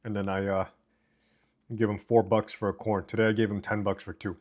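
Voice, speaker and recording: A man's voice: fairly low pitch, flat delivery, brisk, a little mellow. A man live-streaming from home, chatting casually and reading chat aloud while eating, on a desk mic. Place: home, indoors. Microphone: desk mic with noise cancellation.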